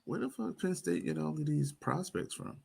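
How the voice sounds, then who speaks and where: A man's voice: fairly high pitch, sing-song, moderate pace, gravelly, darkish tone, slightly rough. A man co-hosting a podcast, speaking in laid-back slang and hedging his opinions in a casual sports debate. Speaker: podcast co-host.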